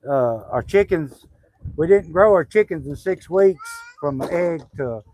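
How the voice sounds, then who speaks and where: A man's voice: a little high, lively intonation, a little slow, mellow, low-quality recording. A middle-aged man, chatting casually on a homestead livestream, rambling with lots of fillers and restarts. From Southwest Arkansas.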